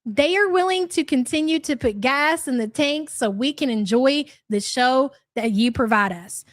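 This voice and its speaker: A woman's voice: high voice, moderate pace, no echo, clean studio sound. A young woman hosting a live reaction stream, blunt, sarcastic and profane as she comments and greets viewers. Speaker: streamer host.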